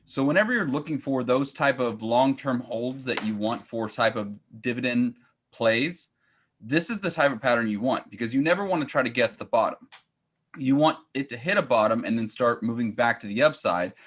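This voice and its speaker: Man calmly walking through a stock chart. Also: medium pitch, normal speed, breathy edge. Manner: relaxed, walks through charts step by step. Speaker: trading coach. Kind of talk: casual market chat.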